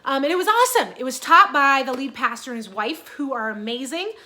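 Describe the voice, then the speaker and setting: Woman in her 30s vlogging, chatty, lots of ums, bright sharp voice. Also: sits high, expressive, brisk. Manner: chatty and earnest, many fillers. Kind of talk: casual personal vlog.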